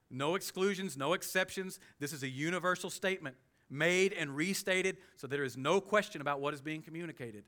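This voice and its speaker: A man's voice: mid-range voice, normal speed, bright, forceful tone. A man preaching a verse-by-verse sermon in a conversational, emphatic way, raising his voice when he quotes scripture. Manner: conversational, emphatic, quoting scripture with rising intensity. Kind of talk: expository sermon.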